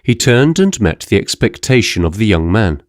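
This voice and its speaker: Narrating an audiobook, a man keeps a steady, measured storytelling pace in a lowish voice. The sound is studio quality with no room ambience.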